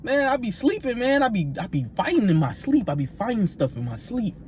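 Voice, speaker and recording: A man voicing his wild young male roommate, who cackles high and repeats himself insistently. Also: sing-song, brisk, a little mellow, slight background noise. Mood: cackling.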